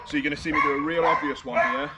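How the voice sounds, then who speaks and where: A British man working as a dog trainer, explaining his methods while giving firm short commands and high praise to a dog outdoors. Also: steady tone, racing. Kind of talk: outdoor training demonstration with commentary. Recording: distant outdoor mic with heavy noise.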